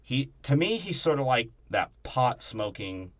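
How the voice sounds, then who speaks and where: A man co-hosting a podcast, chatting casually about a movie, animated and profane, laughing often. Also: medium pitch, unhurried. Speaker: podcast co-host.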